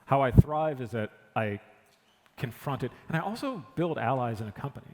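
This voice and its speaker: A man being interviewed, telling stories in an animated way and acting out the people in them. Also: medium pitch, normal speed. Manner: animated retelling, acts out what others said. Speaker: guest, engineering director. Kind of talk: conversational interview storytelling. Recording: long hall reverb.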